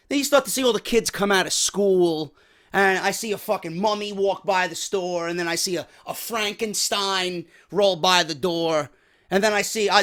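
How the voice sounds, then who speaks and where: A wrestling podcast host in his thirties, with a New York accent and a hoarse voice that sits high, tells a story as an angry, profane rant punctuated by loud bursts.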